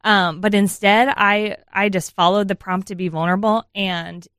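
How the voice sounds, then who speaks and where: A woman in her thirties co-hosting a radio show, telling a self-deprecating story in an animated, laughing way. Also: mid-range voice, moderate pace, smooth, no echo, studio quality. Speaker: radio co-host. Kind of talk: casual chat.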